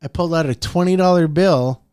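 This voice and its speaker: A podcast host delivers a motivational show with animated storytelling, swooping his pitch up and down for emphasis and laughing often. His voice is clear and resonant, his pace fairly quick, and the studio recording is clean with no echo.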